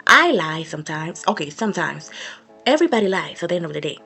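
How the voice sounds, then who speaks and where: A woman's voice: fairly low pitch, very animated, fast talker, creaky, bright, forceful tone, soft background music. A young woman vlogger giving a sassy, emphatic storytime rant to camera, repeating her points for effect.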